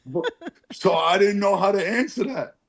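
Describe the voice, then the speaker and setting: A man's voice: sits high, normal speed, vocal fry. A man sharing at a recovery meeting over his phone on a video call, earnest and rambling, apologizing for his swearing. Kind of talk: casual heartfelt share.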